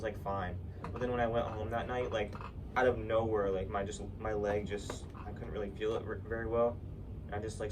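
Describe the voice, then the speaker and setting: Teen boy chatting from a distance. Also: on the low side. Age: teens. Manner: rambling, swears a lot, many fillers. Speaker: podcast co-host. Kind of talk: casual chat. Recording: distant mic with noise.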